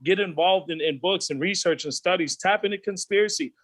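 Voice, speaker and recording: A man in his thirties, a podcast guest, telling candid stories in a profane, animated way and acting out the voices of his friends. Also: sits high, a little fast, no room sound, rough recording. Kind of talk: candid storytelling.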